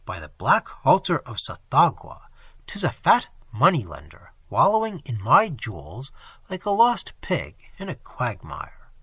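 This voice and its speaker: A man voicing a huge, pale, toad-like cavern monster with a thick, slow, loathsome voice and an unctuous, mocking manner. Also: mid-range voice, wildly swooping pitch, fairly bright tone, husky, heavily acted. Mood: gloating.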